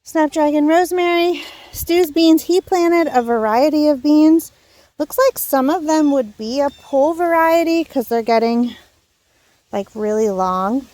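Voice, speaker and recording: This young woman speaks in a high voice and sounds slightly out of breath as she strolls through her garden. She chats casually to the camera, trailing off and correcting herself as she goes. Her voice is close and dry, with little room sound, as though from a phone held near her. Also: a little slow, warm tone, no echo. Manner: chatty and rambling, with many fillers and self-corrections. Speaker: home gardener and channel host. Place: outdoor backyard garden.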